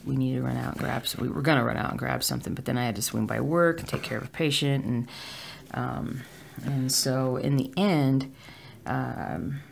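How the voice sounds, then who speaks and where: Gravelly-voiced crafter chatting at home. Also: medium pitch, slight background noise. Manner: rambling, with filler words. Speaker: cross-stitch vlogger. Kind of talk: casual chat while stitching.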